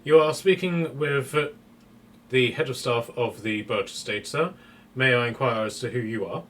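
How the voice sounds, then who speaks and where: A man's voice: mid-range voice, moderate pace, fairly bright tone, far from the mic, a little hiss or hum, natural voice. A man doing a posh, stiff butler. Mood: formal. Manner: stiff, polite butler speech. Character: posh, formal male head of household staff.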